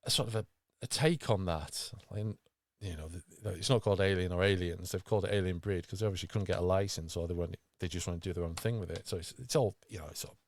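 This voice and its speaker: A man's voice: deep voice, quick pace, few pauses, a little mellow, no room sound. A man hosting a podcast, talking with enthusiasm and rambling through fillers and restarts. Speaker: podcast host. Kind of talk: casual podcast chat.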